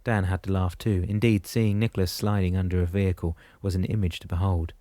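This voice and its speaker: Deep, mellow male audiobook narrator. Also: flat delivery, fairly quick, no echo. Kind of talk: scripted narration.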